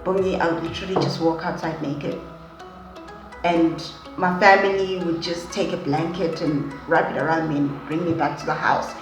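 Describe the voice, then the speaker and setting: A woman voicing a grieving mother, a friend, who speaks low and hushed. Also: fairly even intonation, moderate pace, echoey room, faint music behind, natural voice, rough recording.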